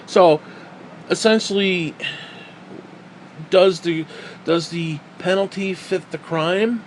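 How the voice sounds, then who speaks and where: A man delivers a profane, sarcastic rant with a fairly high voice for a man, swinging between heated outbursts and muttered asides. A faint hum of air conditioning sits under his voice. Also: slow pace. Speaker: vlogger. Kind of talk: profane ranting commentary.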